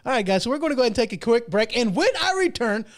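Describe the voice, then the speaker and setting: A podcast host with an extremely high-pitched voice tells a funny personal story on his own show, very animated and rapid-fire. His casual monologue rambles and pokes fun at himself, full of restarts and fillers.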